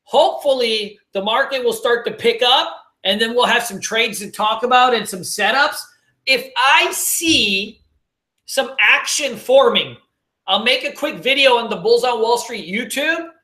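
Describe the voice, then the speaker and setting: A man's voice: extremely high pitch, lively intonation, unhurried, sharp tone, echoey room. A man hosting a casual trading livestream, joking, slangy and swearing as he answers viewers. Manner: laid-back, joking, slangy, swears and laughs often.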